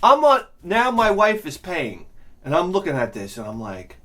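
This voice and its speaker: Animated ranting man, lively pitch. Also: normal speed. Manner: animated, profane, swings between mutters and shouts. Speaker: video host. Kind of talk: ranting comedic monologue.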